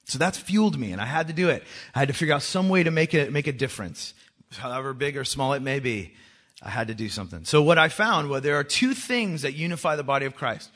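A man with children, a worship leader giving a joking testimony talk to a church that rises into loud, urgent exhortation. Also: on the high side, expressive, fast. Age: adult with children. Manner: joking, self-mocking, often laughing.

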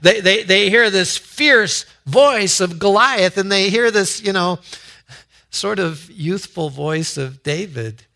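Slow, bright-voiced male pastor preaching. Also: high-pitched, vocal fry. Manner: storytelling with asides, halting restarts. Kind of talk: sermon.

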